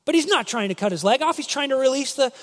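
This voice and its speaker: A man preaching a sermon, telling stories in an animated way and acting out the voices in quotes. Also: very high voice, fast. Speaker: pastor. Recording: long hall reverb.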